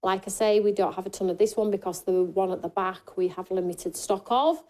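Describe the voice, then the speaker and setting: A woman hosting a live craft shopping show, chatty and jokey as she pitches deals and reads viewer comments. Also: a little fast, warm tone.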